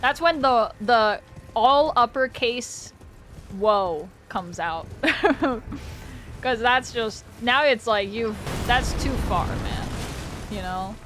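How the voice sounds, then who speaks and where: A woman's voice: a little high, animated, takes it slowly, a bit bright, soft background music. A woman streaming a game live, chatting casually with her viewers, swearing freely and laughing often. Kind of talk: casual live-stream chat while gaming.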